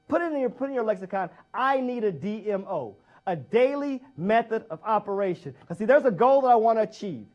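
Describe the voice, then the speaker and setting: A man with a fairly high-pitched voice delivers a motivational speech. He speaks emphatically and repeats key phrases to hammer each point home. He often puts direct questions to his listeners. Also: animated, fairly quick, few pauses, darkish tone, lo-fi sound.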